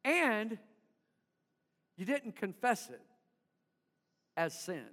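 A man's voice: sits high, big pitch swings, drawn-out words, sharp tone, big-room sound. A man preaching a sermon to his congregation in church, calling for responses and having them repeat after him. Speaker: pastor.

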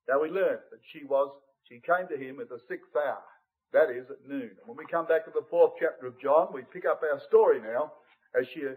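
A man's voice: sits high, narrow, tinny audio. A man giving an expository Bible study sermon, addressing the brethren and sisters and reading scripture aloud.

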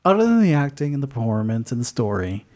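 Animated man chatting about a film. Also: fast talker. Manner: animated, acts out quoted lines with big jumps in pitch; lots of restarts and filler words. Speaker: podcast co-host. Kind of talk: casual movie review chat.

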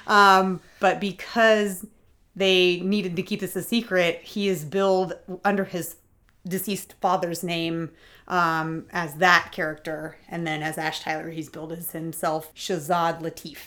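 A woman's voice: fairly low pitch, flat delivery, unhurried, a bit bright. A woman co-hosting a casual chat podcast, opinionated, swearing freely and laughing often. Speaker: podcast co-host.

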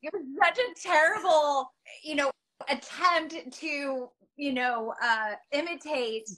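A middle-aged woman with a fairly high voice chats over a video call. She is animated and self-mocking, and her talk is full of fillers and restarts. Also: slow, low-quality recording. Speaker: guest actress. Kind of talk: casual interview chat.

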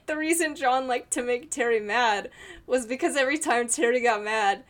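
A woman's voice: on the high side, unhurried, fairly bright tone. A woman co-hosting a podcast, chatting casually in a rambling, giggly way with many restarts. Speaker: podcast co-host. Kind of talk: casual chat.

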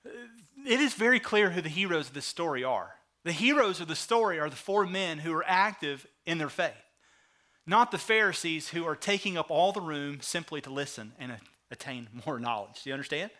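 A male pastor preaching a sermon, retelling the story with lively acted-out asides. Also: on the high side. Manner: animated storytelling, acting out the characters in quick asides.

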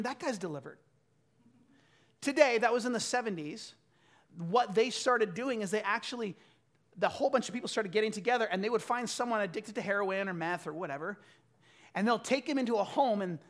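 A man in his thirties preaching a sermon, telling stories and swinging from loud bursts to quiet asides. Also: sits high, brisk. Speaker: pastor.

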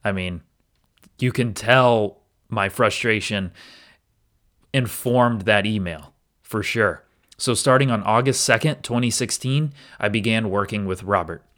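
A man's voice: lowish voice, unhurried, a bit bright. A man hosting a podcast, earnestly and candidly recounting his own experience in a reflective solo episode. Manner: earnest and candid, with occasional restarts. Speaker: podcast host.

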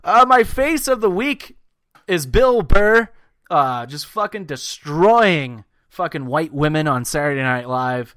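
A man's voice: fairly high pitch, lively intonation, takes it slowly, smooth, no room sound, studio quality. A man co-hosting a podcast in casual chat, swearing often and now and then mocking people in put-on voices. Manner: loud, crude, swearing, breaks into mocking voices. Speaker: podcast co-host.

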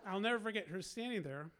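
A man's voice: high-pitched, fairly bright tone. A man telling a long personal anecdote in a casual way, laughing often and acting out the people he quotes. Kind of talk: casual storytelling.

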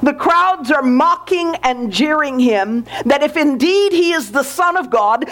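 Slow, deliberate woman preacher. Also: sits high, lively intonation, a bit bright. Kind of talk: sermon.

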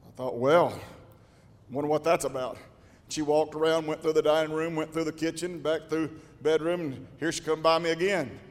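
An older man, pastoring and preaching a folksy storytelling sermon with a drawl that swells into shouting. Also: fairly high pitch, level tone, a little fast, few pauses. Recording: long church reverb.

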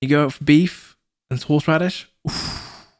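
A man's voice: a little high, fairly even intonation, moderate pace. Rambling, self-correcting man co-host. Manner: rambling, self-correcting, lots of fillers and restarts. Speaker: podcast co-host. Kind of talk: casual chat.

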